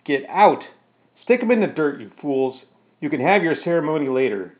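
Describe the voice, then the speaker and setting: A gruff soldier barks orders at his comrades, voiced by a man reading a story, his voice pushed high and loud. The sound is thin and phone-like. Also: sing-song, normal speed. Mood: angry. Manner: barking, shouting orders.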